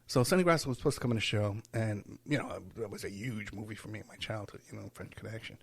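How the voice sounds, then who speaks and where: A man's voice: lowish voice, fast talker, creaky, husky. A man hosting his own podcast, rambling casually from home, tired, breaking off mid-sentence and chuckling to himself. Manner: rambling, self-interrupting, with chuckles. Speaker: podcast host. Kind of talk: casual solo podcast monologue. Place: at home while packing.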